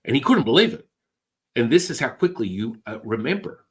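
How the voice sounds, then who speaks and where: A middle-aged man, a guest, telling stories with excitable energy and casual swearing. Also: mid-range voice, brisk. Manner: excitable, swears, acts out quotes in other voices. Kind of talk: animated storytelling.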